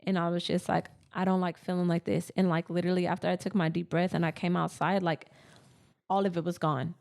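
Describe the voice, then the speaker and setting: A woman in her thirties co-hosting a casual spiritual podcast, telling personal stories earnestly in quick bursts. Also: fairly low pitch, level tone, gravelly, a little mellow. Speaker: podcast co-host.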